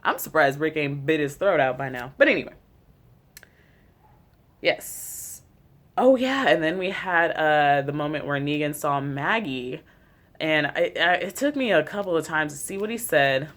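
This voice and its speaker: Casual recap vlogger, chatty and profane, mid-pitched voice. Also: animated, measured pace, a bit bright.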